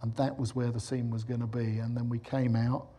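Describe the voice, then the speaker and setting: A middle-aged film director giving a lecture, telling anecdotes and acting out the voices of the people in them. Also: male voice, medium pitch, little pitch movement, a little fast, warm tone, slight background noise.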